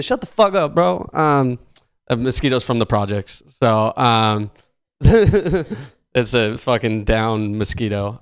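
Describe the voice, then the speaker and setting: A man's voice: mid-range voice, a bit bright, clear, resonant tone. A man doing a rambling, self-mocking stand-up set, filling his lines with likes and chuckles as he goes. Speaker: stand-up comedian.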